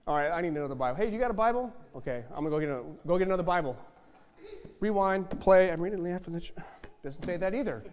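A man preaching a fiery sermon, emphatic and repetitive, building to loud outbursts. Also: high voice, big pitch swings, quick pace, long reverb tail, slight background noise. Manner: emphatic, repetitive, rising to shouts.

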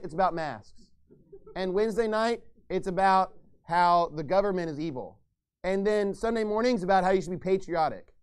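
A man's voice: high-pitched, smooth. A man preaching a sermon as pastor, ranting and mocking others in put-on voices.

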